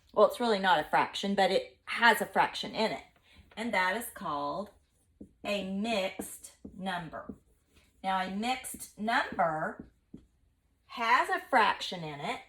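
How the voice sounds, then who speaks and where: A woman teacher giving a recorded online math lesson in a lively, playful, chatty way. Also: medium pitch.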